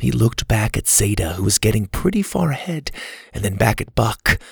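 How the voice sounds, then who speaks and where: Gravelly, husky male storyteller. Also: lowish voice, big pitch swings, normal speed, dry recording, clean studio sound. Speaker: narrator. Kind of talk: storybook narration.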